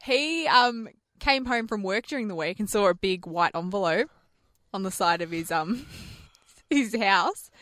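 An Australian woman on radio with a mid-pitched voice, wry and teasing as she banters and tells stories. The recording is close and dry. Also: unhurried, no room sound. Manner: wry, teasing, lively storyteller. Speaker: radio host. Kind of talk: breakfast radio banter and storytelling.

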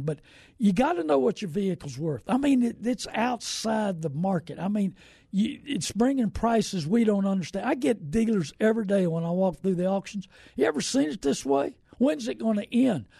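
Gravelly folksy man, rambling. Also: high voice, mellow, no room sound, studio quality. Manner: folksy and rambling, greets viewers by name. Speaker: host of a car-buying show. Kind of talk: casual live-stream talk.

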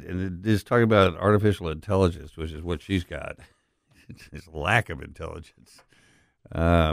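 A middle-aged man hosts his talk radio show in a very deep, smooth voice. He rambles in a folksy way, filling gaps with pauses. The studio sound is dry and close. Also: no echo. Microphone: studio broadcast mic.

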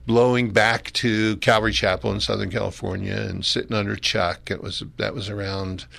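An older man from Philadelphia, a pastor telling his life story in a relaxed, chuckling, rambling way during a radio interview. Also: on the low side, normal speed, gravelly.

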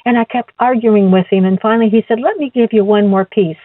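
A woman's voice: fairly high pitch, no echo. Earnest woman on a tinny phone line. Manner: earnest, halting with repeated words. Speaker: guest sharing her testimony. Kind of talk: personal faith testimony.

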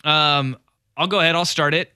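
A man's voice: on the high side, fairly even intonation, normal speed, sharp tone, clear, resonant tone, no echo, clean studio sound. A man co-hosting a casual sports talk show, enthusiastic and rambling with fillers. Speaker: co-host. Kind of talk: casual banter.

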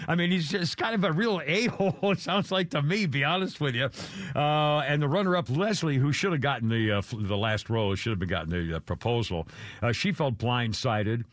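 A man's voice: mid-range voice, animated, brisk, a bit bright, dry recording. Older male host, chatty and wry, mocks himself, dry close sound. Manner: rambling, wry, self-deprecating, gossipy. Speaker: radio show host. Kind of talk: casual talk radio chat.

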